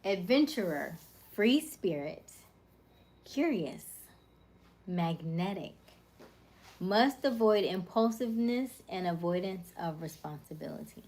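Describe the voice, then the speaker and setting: A woman's voice: lowish voice, lively intonation, slow pace, pauses often, a little mellow. A woman hosting a casual livestream, reading viewers' comments and rattling off personality traits in short, upbeat lists. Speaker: livestream host.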